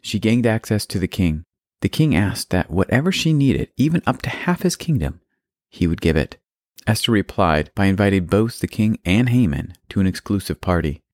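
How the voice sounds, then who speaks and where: A man's voice: on the low side, lively intonation, normal speed, a little mellow, no echo, studio quality. A man narrating a Bible story for children, plainly with playful asides.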